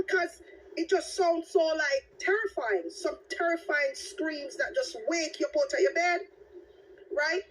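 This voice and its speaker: A woman hosting a casual livestream chat, telling her story with lively, dramatic exclamations. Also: high-pitched. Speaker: livestream host. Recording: distant mic with background noise.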